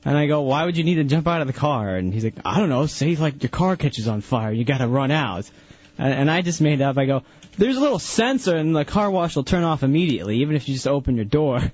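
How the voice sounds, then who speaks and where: A man's voice: medium pitch, animated, fast talker, a little mellow. A man on a radio show casually telling a story and teasing his co-host. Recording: dull lo-fi radio broadcast.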